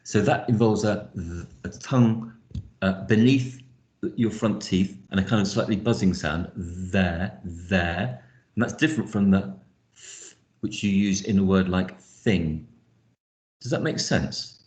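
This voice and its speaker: Deep-voiced man modelling speech sounds. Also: moderate pace, a little mellow, echoey room. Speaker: phonics teacher trainer. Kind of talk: explanatory teaching talk.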